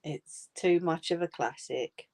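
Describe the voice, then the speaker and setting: A woman hosts a crafting livestream from home in a slightly low voice. She chats casually and informally with viewers and laughs often. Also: unhurried, darkish tone.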